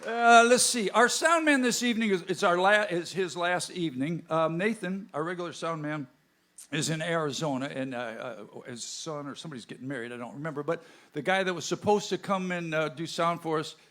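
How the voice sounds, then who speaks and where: Bandleader MC, male, slightly high voice, folksy, jokey stage banter into a stage mic at a live venue. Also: a bit bright. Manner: folksy, joking banter with the audience. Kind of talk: onstage band introductions. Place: live music venue with a crowd. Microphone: stage microphone.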